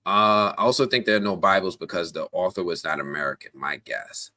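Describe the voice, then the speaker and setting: Guy hosting a live stream, kinda low voice but bright and punchy, talks to chat, lots of ums and slang. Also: fairly quick. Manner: chatty and animated, many fillers and restarts; slangy, addresses viewers directly.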